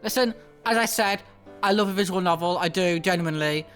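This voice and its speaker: A woman, an excitable gaming streamer reacting with swearing and gushing comments. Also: fairly low pitch, a little fast, faint music behind. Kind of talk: casual gameplay commentary.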